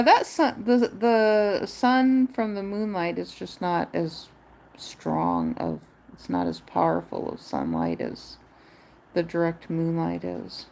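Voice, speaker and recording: A woman's voice: mid-range voice, vocal fry, darkish tone, a little hiss or hum. A woman live streamer chatting in a rambling, musing way, drifting into wordplay.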